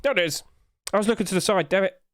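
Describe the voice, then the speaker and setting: A man's voice: high-pitched, fast talker, dry recording, studio quality. Chatty man streaming live. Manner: chatty, sing-song filler noises. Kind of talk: casual live-stream commentary.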